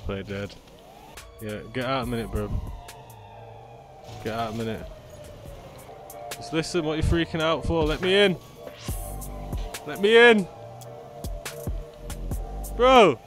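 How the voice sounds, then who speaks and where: A man with doing excitable gameplay commentary, yelling and cursing at other players. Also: medium pitch, normal speed, pauses often. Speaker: gaming YouTuber. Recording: game music playing underneath.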